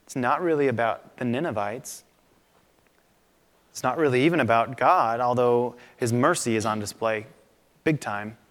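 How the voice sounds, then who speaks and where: A man pastor preaching a sermon in a conversational, animated way, in a church sanctuary. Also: mid-range voice, normal speed, pauses often. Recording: long reverb of a large hall.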